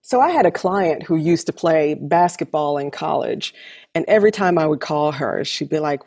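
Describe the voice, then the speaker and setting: A woman's voice: sits low, normal speed, a little mellow, husky. A woman co-hosting a casual conversation, talking emphatically and repeating her key phrases.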